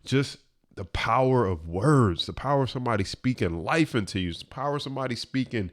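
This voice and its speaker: A man telling a personal story as a motivational speaker, earnest and building from hushed to emphatic. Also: mid-range voice, expressive, fairly quick.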